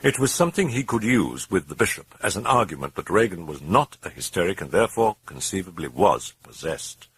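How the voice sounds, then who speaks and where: A man giving a grave, measured dramatic audiobook narration. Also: low voice, very animated, a bit bright, breathy edge, no room sound.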